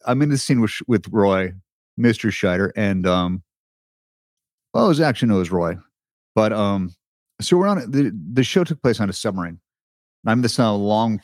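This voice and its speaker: Podcast co-host, male, low and expressive, dry booth sound, storyteller. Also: dry recording. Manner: animated storyteller, lively delivery. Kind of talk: casual chat.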